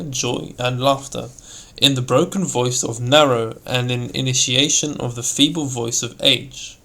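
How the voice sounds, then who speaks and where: A man reading aloud from an old elocution textbook, explaining kinds of stress in a measured way and then declaiming the quoted examples with force. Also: mid-range voice, steady tone, gravelly, pushed and bright. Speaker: reader of an elocution text. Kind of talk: read-aloud lesson with dramatic recited examples.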